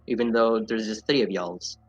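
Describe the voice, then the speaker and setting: A man's voice: fairly low pitch, normal speed, soft background music. A man as game master of a tabletop game, laid-back and casual, at times talking with his mouth full.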